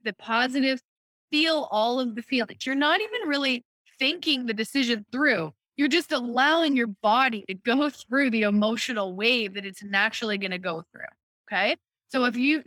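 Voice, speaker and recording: A woman hosting a casual chat, explaining an idea in a lively way, often checking in with "right?" and acting out quoted thoughts. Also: a little high, dry recording. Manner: lively, acts out quoted inner voices, frequent "right?". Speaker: host explaining a personal decision-making method.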